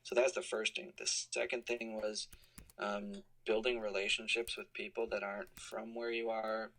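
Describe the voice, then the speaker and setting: A man's voice: fairly low pitch, level tone, moderate pace, fairly bright tone, rough recording. A man in his thirties, an alumnus answering interview questions on a call, explaining things thoughtfully with many fillers. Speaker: college compliance officer, alumni guest. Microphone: call recording.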